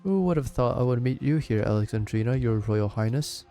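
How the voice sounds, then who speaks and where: A man's voice: mid-range voice, animated, a little fast, dark tone, soft background music, close to an everyday voice. A man voicing a smug, scheming aristocrat, reading game dialogue aloud with mocking politeness. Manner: overly polite, mocking formality.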